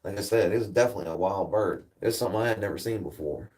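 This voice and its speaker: A man's voice: fairly low pitch, very fast, a little mellow, distant mic. A man chatting casually to viewers on a livestream, rambling and swearing freely as he tells stories. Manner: laid-back rambling storyteller, swears freely. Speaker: livestream host.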